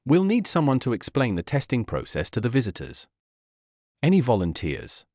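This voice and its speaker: A man's voice: mid-range voice, wildly swooping pitch, moderate pace, a little mellow, no room sound, studio quality. A man voicing a friendly male office manager who talks in an upbeat, smiling way.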